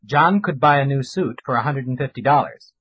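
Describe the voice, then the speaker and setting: A man reading example sentences for a recorded language course in a clear, measured way. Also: mid-range voice, dry recording, highs cut off. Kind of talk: recorded pronunciation drill.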